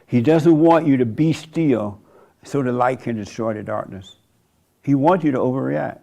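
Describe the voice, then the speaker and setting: A man's voice: medium pitch, moderate pace, vocal fry, mellow. A man in his seventies giving a folksy, conversational sermon monologue as a church host, often laughing and mocking. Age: 70s.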